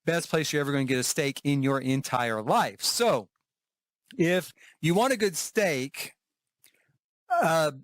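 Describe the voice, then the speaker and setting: With a fairly high voice and lively intonation, this Oklahoma travel vlogger talks a little slowly and pauses often while reviewing theme park food and shops. He's chatty, drifting into asides, restarting and laughing, and the audio has no echo.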